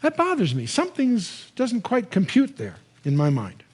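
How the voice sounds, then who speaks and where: High-voiced older man teaching the Bible. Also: moderate pace, slightly rough. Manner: conversational, animated storytelling with restarts. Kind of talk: Bible teaching lecture to a live audience.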